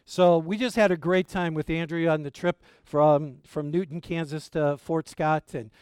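A man's voice: on the high side, fairly even intonation, moderate pace, darkish tone, clear, resonant tone, no echo, studio quality. A middle-aged male pastor preaching a sermon, telling family stories in a folksy, rambling way with many fillers.

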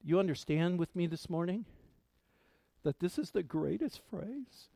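A man's voice: high-pitched, expressive, vocal fry, no room sound. Emphatic male preacher with a dry sound. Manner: preaching with slow emphatic repetition, swinging from hushed to loud. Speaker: pastor. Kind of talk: sermon.

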